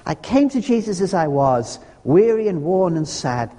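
A man's voice: sits high, sing-song, normal speed, mellow. A man preaching a sermon, earnest and conversational, with homely humorous asides. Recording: long hall reverb.

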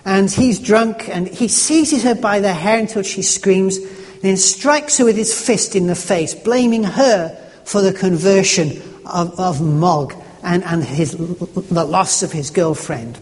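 A man preaching a sermon, telling a story in an earnest, halting way with frequent restarts. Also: high-pitched. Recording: echoey hall.

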